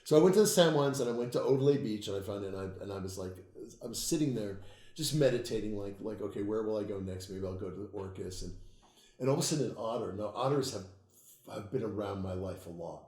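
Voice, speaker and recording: A man, an occult author, telling stories in a casual interview, swearing freely and getting animated. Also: fairly low pitch, fast talker, roomy sound. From United States. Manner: profane, animated storytelling, laughs at own tales.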